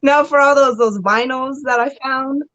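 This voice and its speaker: A woman who is a guest on a livestream chat, who talks in an animated way and laughs easily. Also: high-pitched, normal speed, no echo, muffled recording. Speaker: podcast guest.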